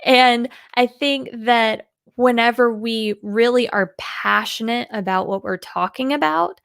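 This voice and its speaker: A woman from the United States answering interview questions as a communication coach, animated and acting out example voices. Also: on the high side, measured pace, gravelly, clear, resonant tone, no echo.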